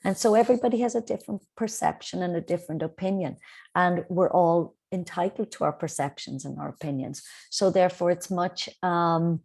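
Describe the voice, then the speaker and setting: Low, gravelly-voiced woman teacher. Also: fairly quick. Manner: calm, explanatory, with frequent ums and quoted child dialogue. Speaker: Montessori teacher. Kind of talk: online parenting talk. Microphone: video call.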